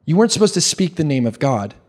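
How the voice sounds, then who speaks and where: Preaching with lively energy, this young male pastor often starts phrases over and asks his listeners questions. His pitch is slightly on the high side.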